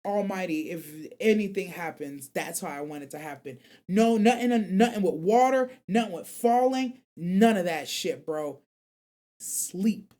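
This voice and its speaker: A man's voice: high-pitched, lively intonation, measured pace, dark tone. A young man hosting an anime call-in radio show, chatting casually and reading viewer comments in loose, slang-heavy rambles.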